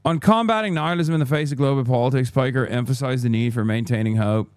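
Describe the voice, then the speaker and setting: Hammy put-on Irish reader, done by a man, crisp dry voice, theatrical. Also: mid-range voice, fast talker, dry recording, close to an everyday voice. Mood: mock newsreader. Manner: theatrical, exaggerated brogue. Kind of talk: reading an article aloud.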